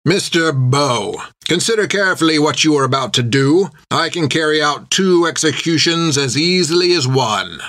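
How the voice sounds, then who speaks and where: A man voicing a smug, menacing pirate captain who speaks in a slow, metered, gloating way. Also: on the high side, animated, a bit bright, no echo, studio quality, pitched above the performer's own voice. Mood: cold, menacing.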